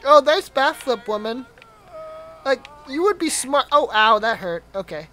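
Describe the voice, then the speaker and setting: Young woman, gameplay commentary, chatty, playful, bright tone, faint background noise. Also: high voice, sing-song, a little slow, low-quality recording. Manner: chatty and playful, laughing often and yelping loudly when hit. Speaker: gaming channel host.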